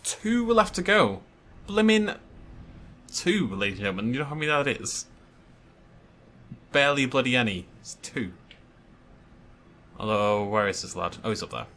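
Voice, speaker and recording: A man chatting casually and excitably over his gameplay, swearing lightly as he goes. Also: mid-range voice, normal speed, long pauses, slight background noise. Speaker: let's play host.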